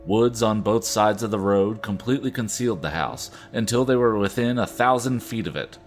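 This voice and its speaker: A man's voice: lowish voice, soft background music. A man co-hosting a podcast, reading a novel aloud in a casual way and often breaking into laughter. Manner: reads haltingly, breaks into laughter. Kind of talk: casual read-aloud with banter.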